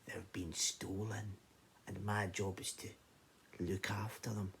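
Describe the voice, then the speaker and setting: A Scottish man voicing a cautious goat herd in a told folk tale, giving solemn warnings in a hushed voice. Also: low-pitched, little pitch movement, takes it slowly, vocal fry, a little hiss or hum, exaggerated voice. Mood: grave hush. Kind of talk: oral storytelling.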